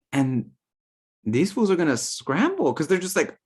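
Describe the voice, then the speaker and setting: A man's voice: medium pitch, big pitch swings, moderate pace, husky. A man giving a casual, playful talk on spirit guides, full of slang, fillers and quoted asides. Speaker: spiritual teacher.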